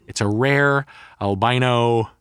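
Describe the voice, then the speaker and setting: A podcast co-host with a mid-range, slightly bright voice speaks slowly, his tone clear and resonant. He tells a rambling, profane story full of heavy swearing in a casual chat, recorded dry at studio quality.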